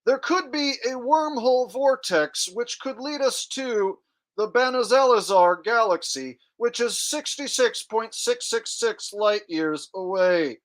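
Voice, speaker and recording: A man imitating a famous scientist's speech synthesizer in a flat, mock-computerized monotone. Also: very high voice, a little slow, voice pushed up. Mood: deadpan.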